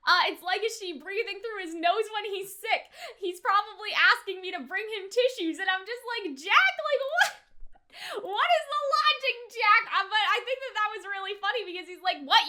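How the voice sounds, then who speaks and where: A woman giving a casual, rambling anime reaction commentary, animated and full of "like". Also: very high voice. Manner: animated, rambling, heavy use of "like".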